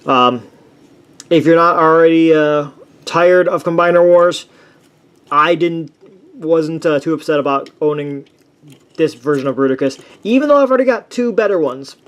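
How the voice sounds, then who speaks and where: Male toy reviewer, slightly high voice, upbeat, rambles through casual commentary. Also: unhurried, pauses often. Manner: enthusiastic, rambling with frequent restarts and fillers.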